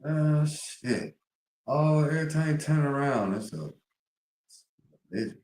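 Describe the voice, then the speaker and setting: A man's voice: fairly high pitch, expressive, a little slow, darkish tone, echoey room. A man streaming live, talking casually to his viewers, rambling and profane with heavy slang.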